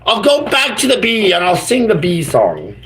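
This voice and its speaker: A man's voice: high voice, wildly swooping pitch, normal speed, a bit bright, a little hiss or hum, poor audio. Goofy, rambling male YouTuber. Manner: silly, rambling, full of made-up words. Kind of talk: goofy casual live-stream chatter.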